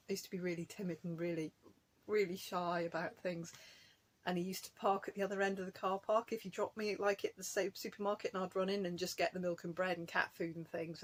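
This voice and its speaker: A woman chatting casually to camera in a home craft vlog, rambling from topic to topic and laughing often. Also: fairly low pitch. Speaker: craft vlogger.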